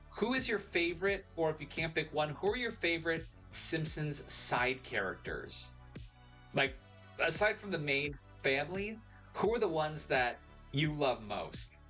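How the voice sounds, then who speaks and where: A man's voice: on the high side, sharp tone. A young man hosting a casual live stream, rambling and correcting himself as he reads out chat messages.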